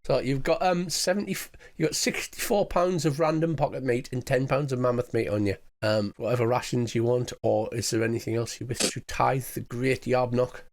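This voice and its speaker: A man's voice: mid-range voice, fairly even intonation, normal speed, few pauses. A man narrating as game master, setting scenes in a chatty, descriptive way.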